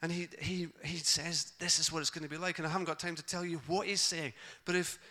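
A man preaching a sermon, telling the gospel stories in a lively way and acting out the characters' lines. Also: a little high, fast talker. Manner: animated storytelling, acting out voices of the characters.

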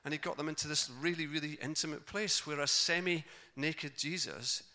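Guy preaching, bright sharp voice, acts out the people in the stories. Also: a little high, moderate pace. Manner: animated storytelling, acting out voices of the characters. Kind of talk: sermon.

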